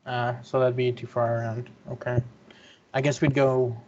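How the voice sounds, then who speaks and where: A man's voice: medium pitch, flat delivery, normal speed, darkish tone, a little hiss or hum. A man playing in a tabletop game, chatting casually and a little hesitantly. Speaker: player. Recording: dull lo-fi audio.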